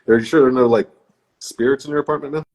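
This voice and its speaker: A man's voice: medium pitch, fairly even intonation, rapid-fire, a little mellow, rough recording. A man chatting casually as a podcast guest, easygoing and laughing often. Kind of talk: casual chat.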